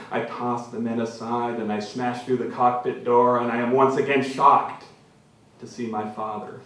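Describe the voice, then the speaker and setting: A man reading his own literary prose aloud to a live audience, measured and dramatic, leaning on repeated phrases. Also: medium pitch, a little hiss or hum. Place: literary venue before an audience. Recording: very echoey hall from far off.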